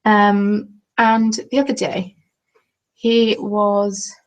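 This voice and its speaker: A woman's voice: mid-range voice, level tone, drawn-out words, rough recording. A young southern English woman chatting casually on a craft live stream at home, joking and reading viewer comments aloud. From England. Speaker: craft vlogger. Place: at home, seated. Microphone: webcam.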